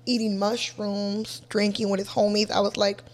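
A woman's voice: mid-range voice, moderate pace. A young woman from Los Angeles, a guest artist in a casual interview, telling stories with lots of energy and cursing freely. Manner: energetic, swears freely, mixes in a second language.

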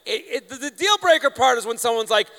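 A man's voice: very high voice, fast. A man hosting a live comedy panel show, talking energetically and rallying the audience. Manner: energetic, rallies the crowd. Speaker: host. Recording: reverberant live venue.

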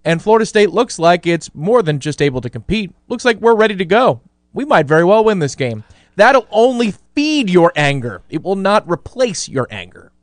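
A man's voice: high-pitched, very animated, moderate pace, dry recording. A man co-hosting a sports radio show, trading wry, teasing banter. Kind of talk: casual sports radio chat. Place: radio studio.

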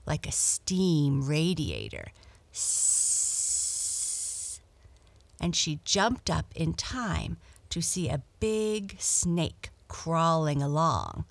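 A woman reading a children's book aloud in a slow, gentle, steady storytelling manner. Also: low-pitched, gravelly, no echo.

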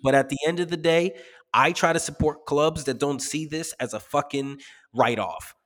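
A man's voice: fairly high pitch, normal speed, a bit bright, big-room sound. A man co-hosting a casual soccer podcast, blunt and profane, laughing often. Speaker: podcast co-host. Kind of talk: casual sports podcast chat.

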